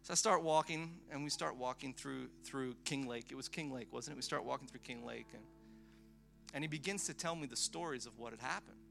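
A man preaching a storytelling sermon to a live congregation, animated and excitable, with chatty asides. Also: medium pitch, brisk, vocal fry, faint music behind. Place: live event before a congregation.

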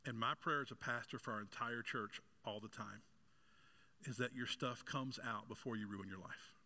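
A man's voice: medium pitch, normal speed, pushed and bright. A man preaching a sermon as pastor, asking his congregation questions and mixing in jokes as his delivery builds in intensity. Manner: joking aside with congregation members.

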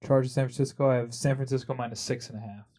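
A man's voice: medium pitch, steady tone, quick pace, dark tone, husky. A man in a casual sports betting chat who announces the results and teases the others.

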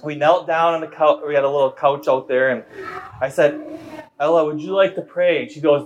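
A young man preaching a sermon, telling a family story with animated delivery that builds to shouted declarations. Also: a little high, a little fast, lo-fi sound, a little hiss or hum. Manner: animated, acts out a child's voice and rises to shouts.

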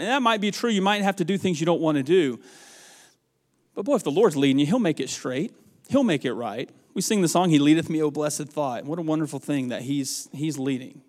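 A man preaching a sermon in a folksy storytelling manner, rising to loud emphatic bursts. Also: fairly high pitch, expressive, fairly quick, big-room sound. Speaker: pastor.

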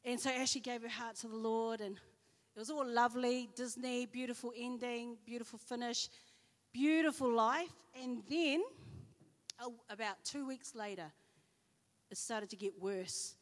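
A woman with a New Zealand accent gives a sermon in a fairly high voice. She tells personal stories and acts out each side of the conversations. Her voice rings with the long reverb of a church hall. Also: normal speed. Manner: storytelling, acting out dialogue. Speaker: preacher.

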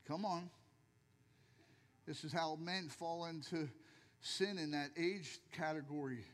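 An older male pastor preaching a sermon in a church with jokey, animated storytelling, acting out the voices of people in his stories. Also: fairly high pitch, slow pace, in a large hall.

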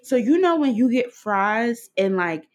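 A woman's voice: fairly high pitch, very animated, a little slow. A woman co-hosting a podcast in casual chat, laughing often, swearing and telling stories with energy. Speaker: podcast co-host.

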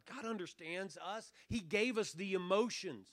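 Pastor at a revival, man with a higher, sharp, ringing voice, dry close sound, earnest preaching that dips quiet then swells. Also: expressive, moderate pace, few pauses, no echo. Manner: earnest preaching, drops to near-hush then swells on key phrases. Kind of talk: revival sermon. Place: church revival service.

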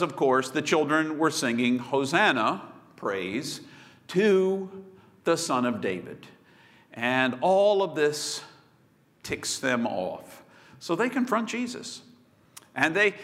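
A man preaching a sermon, telling the story with swings between loud bursts and hushed asides. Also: a little high. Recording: long hall reverb.

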